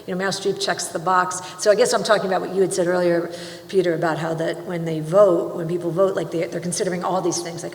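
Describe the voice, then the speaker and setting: A woman's voice: lowish voice, fairly even intonation, fast, few pauses. A middle-aged woman, a screenwriting teacher, talking casually on a panel in a large auditorium, chatty and breaking off mid-sentence. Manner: chatty, self-interrupting, laughs often. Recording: roomy hall with long reverb.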